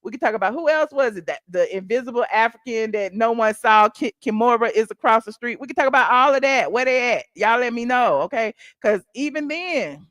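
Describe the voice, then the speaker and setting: A woman's voice: a little high, expressive, brisk, few pauses, a bit bright, dry recording. A woman hosting a casual livestream, chatting about reality TV gossip in an exclamatory way full of sudden asides. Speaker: gossip channel host.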